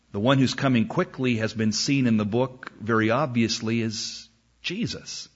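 A man preaching in an unhurried, deliberate way, leaning hard on each quoted verse. His voice sits at an ordinary middle pitch. The recording sounds dull and slightly lo-fi. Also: a bit bright, slightly rough. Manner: emphatic, reads scripture slowly and acts out a back-and-forth dialogue. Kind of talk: sermon.

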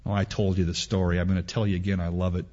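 A man's voice: low voice, little pitch movement, very fast, a little mellow. A middle-aged man preaching a sermon to young men. He tells stories in an emphatic, repetitive way. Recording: dull lo-fi recording.

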